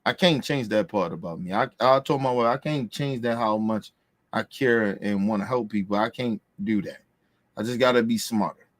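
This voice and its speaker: A man with a fairly low-pitched voice, talking at normal speed on a dry recording, hosts a podcast. His casual commentary is a heated, profane rant with lots of emphatic repetition.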